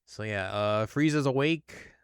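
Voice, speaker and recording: Young male host, smooth and dry-sounding, chatty recap with jokey character voices. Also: lowish voice, unhurried, dry recording. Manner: retells scenes in goofy quoted voices. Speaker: podcast host. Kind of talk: casual recap chat.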